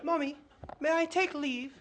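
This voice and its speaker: A woman's voice: high-pitched, measured pace, pitched below the performer's own voice. A woman doing a timid little boy. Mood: meek. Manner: small, obedient, quiet. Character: timid little upper-class British boy.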